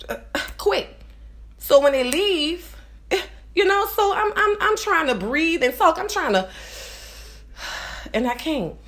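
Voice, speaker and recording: A woman in her forties with a nasal New Orleans accent, rambling to her viewers in a casual monologue and often checking in with "you understand?". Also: high-pitched. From New Orleans, USA. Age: 40s. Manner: rambling, repeats "you understand?", swings between loud and quiet. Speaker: vlogger.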